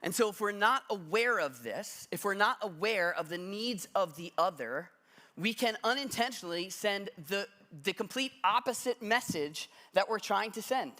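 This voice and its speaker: A man preaching from the front of a church, with a bright, forceful tone that sits a bit high for a man. He speaks in a relaxed, conversational way and pokes gentle fun at himself. He sounds like he is in his thirties. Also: moderate pace. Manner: conversational storytelling with self-deprecating humor. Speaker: pastor. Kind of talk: sermon. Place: church sanctuary.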